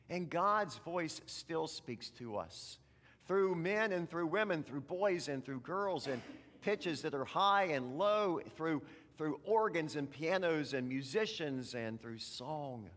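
A man pastor giving a children's sermon, gently coaxing the kids to repeat lines after him. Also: medium pitch. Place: church sanctuary. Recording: long church reverb.

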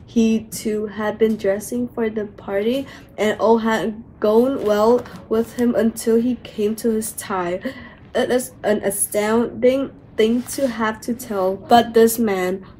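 A woman's voice: on the high side, steady tone, takes it slowly, warm tone, rough recording. A woman reading a storybook aloud carefully, with occasional small slips, over faint room noise. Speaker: audiobook reader. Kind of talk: read-aloud storybook narration.

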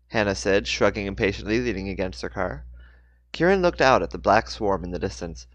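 Guy reading a book out loud, lowish voice, trips on words, dry sound. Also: expressive, brisk, no room sound. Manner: stumbling, self-correcting. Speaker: audiobook reader. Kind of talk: reading a novel aloud.

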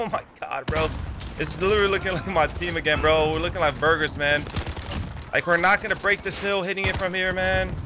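A young man with a slightly higher voice talks over his own shooter gameplay in a loose, excitable stream of chatter. He swears freely and breaks into yells when the fighting heats up. Gunshot sounds run clearly behind his voice. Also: brisk, noisy background. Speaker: gaming YouTuber. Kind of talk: live gameplay commentary.

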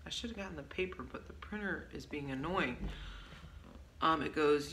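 A woman talks casually through a song she wrote in a low-pitched, fairly bright voice at normal speed. Her vlog chat is rambling and loose, full of ums and moments where she corrects herself. The audio carries a roomy echo with faint background hiss.

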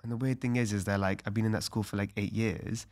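A man's voice: lowish voice, fairly even intonation, fast talker, darkish tone. A young adult man, a podcast guest talking earnestly and reflectively in casual conversation, with lots of "like" fillers.

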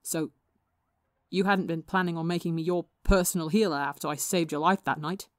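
A woman's voice: on the low side, fairly quick, dry recording, clean studio sound, lightly acted. A woman voicing a hot-tempered, tired young man who talks in a snappish, profane way. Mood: angry.

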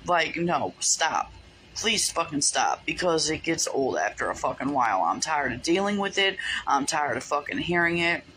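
A woman's voice: sits low, big pitch swings, moderate pace, a bit bright, slight background noise, rough recording. A woman delivering an angry, profanity-heavy rant to her followers, repetitive and insistent. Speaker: vlogger speaking to followers.

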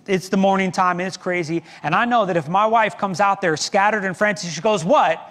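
A middle-aged man preaches from the pulpit, spinning a story with self-deprecating humor. His voice sits a little high for a man. A long church reverb trails his words. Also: fairly bright tone. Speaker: pastor. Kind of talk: sermon. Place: church sanctuary.

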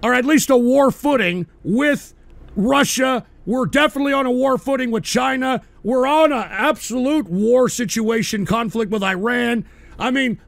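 A high-pitched man with a gravelly, rough edge hosts a call-in stream. He rants with anger and constant swearing, and often breaks into shouts. His voice is dry and close, with no room sound. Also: no room sound. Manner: profane, angry, shouting in bursts. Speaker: radio show host. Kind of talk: ranting political call-in stream.

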